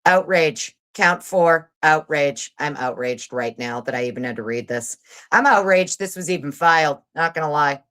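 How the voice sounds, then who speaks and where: Woman livestream host with a low voice, fast reader, sarcastic and swearing. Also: lively intonation, fairly bright tone. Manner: sarcastic and profane. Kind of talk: casual livestream chat and reading aloud.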